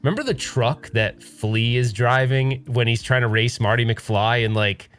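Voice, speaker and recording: A man from Rhode Island telling a story in casual chat, animated and lively. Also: moderate pace, clear, resonant tone, faint music behind. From Rhode Island, USA. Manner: animated, jumps into high-pitched voices for quotes. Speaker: podcast guest.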